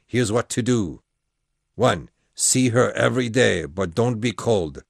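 A worldly, bossy prince lays out advice with easy confidence, as a male narrator voices him. His voice sits low but moves lively. The sound is dry and close. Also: a little slow, vocal fry, dry recording, full character voice. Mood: lecturing. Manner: lecturing, confident.

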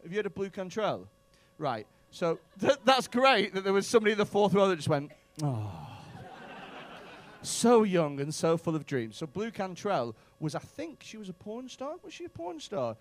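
A man's voice: high-pitched, big pitch swings, a little fast, hardly any pauses. A male stand-up comedian in a comedy club, doing profane, bantering crowd work with mock outrage.

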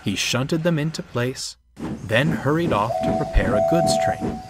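A man narrating a storybook in a measured, expressive reading. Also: on the high side, very noisy. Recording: narration over clear music.

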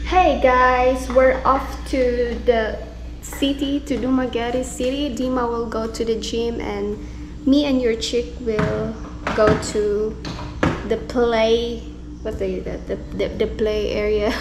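A woman's voice: on the high side, background noise. A woman chatting casually to her viewers in a family vlog, laughing often between phrases. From Philippines. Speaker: family vlogger. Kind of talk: casual vlog chat to camera.

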